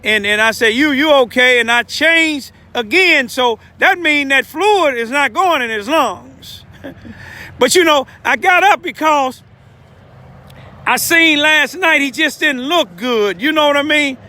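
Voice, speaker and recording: A man's voice: very high voice, a little slow, bright, forceful tone. An older man giving an informal, emotional street testimony as a self-styled lay preacher, rambling with repeated asides. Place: outdoors in the cold, urban street.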